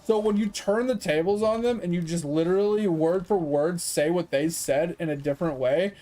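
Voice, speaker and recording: A man's voice: high voice, moderate pace, warm tone. A man streaming a game, ranting in casual, sarcastic talk, swearing and acting out the people he quotes. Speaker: gaming streamer. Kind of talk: casual rant while gaming.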